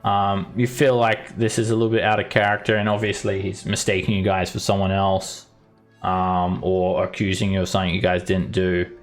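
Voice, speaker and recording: Low-voiced dungeon master narrating casually. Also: male voice, little pitch movement, normal speed, soft background music. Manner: casual, with many fillers. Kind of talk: narrating a tabletop game.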